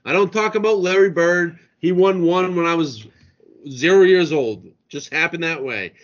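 A man's voice: on the high side, normal speed. A man co-hosting a podcast, ranting and mocking in profane sports banter. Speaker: podcast co-host. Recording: lo-fi podcast recording.

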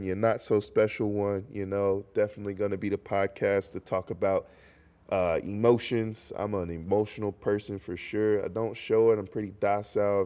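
A man's voice: lowish voice, clear, resonant tone. A young man from North Carolina hosting his own solo podcast, talking in a rambling, jokey way while congested. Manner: rambling, animated, jokey asides. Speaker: podcast host. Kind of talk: casual solo podcast monologue.

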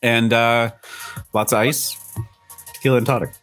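A man's voice: medium pitch, level tone, normal speed, a bit bright, faint music behind. A man co-hosting a casual live morning show, easygoing and chatty, a little tipsy. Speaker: co-host. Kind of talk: casual live-stream chat.

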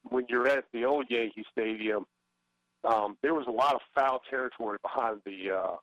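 A man's voice: mid-range voice, normal speed, a bit bright, no room sound, low-quality recording. A middle-aged man, a former baseball player, talking as a guest in a casual interview, hesitant with many fillers and restarts.

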